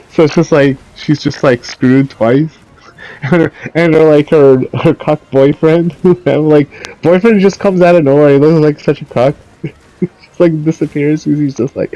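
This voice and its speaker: A man's voice: a little high, fairly even intonation, slow, warm tone, dry recording. A young man ranting in casual commentary, swearing often, laughing and rambling with many fillers. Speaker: commentary vlogger. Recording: dull lo-fi audio.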